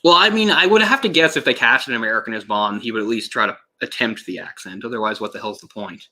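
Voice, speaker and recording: A man rambles through casual live commentary on a film, frequently restarting sentences, laughing and swearing now and then. He talks fast in a medium-pitched voice with a sharp tone.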